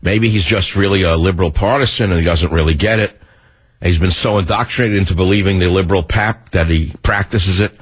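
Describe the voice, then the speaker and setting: A man's voice: sits low, a little fast, breathy edge. A male radio talk show host delivering a combative, sarcastic monologue.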